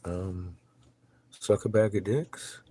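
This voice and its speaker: A middle-aged man livestreaming a profane rant, dropping from low muttering to loud, combative outbursts. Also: slow. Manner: heavy swearing, blunt and combative.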